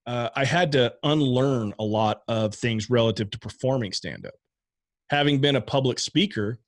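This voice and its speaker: A man with a mid-range voice, recorded with no echo, speaks candidly about learning stand-up comedy. He's a comic appearing as a podcast guest, and the casual conversation rambles, with restarts and offhand swearing.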